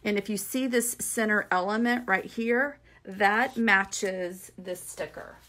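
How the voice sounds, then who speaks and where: A woman talks viewers through a craft kit in a relaxed tutorial. She is chatty and upbeat, trailing into asides and little fillers as she points things out. She sounds like she is talking to a camera set over her work table. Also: medium pitch, slow pace. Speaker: craft demonstrator. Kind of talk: casual tutorial walkthrough.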